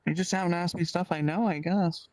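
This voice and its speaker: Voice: mid-range voice, steady tone, fairly quick, darkish tone, dry recording. A podcast co-host chatting casually, explaining things in detail with many fillers.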